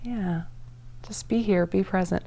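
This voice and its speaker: Gravelly-voiced woman guiding a yoga class. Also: on the low side, darkish tone. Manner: casual, encouraging, playful asides; breathy sighs and drawn-out ahs while demonstrating. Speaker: yoga teacher. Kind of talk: guided yoga class instruction.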